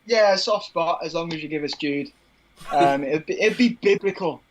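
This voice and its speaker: A man's voice: fairly high pitch, moderate pace, low-quality recording. A man co-hosting a live football watchalong, chatting in a rambling way with plenty of fillers. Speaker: co-host.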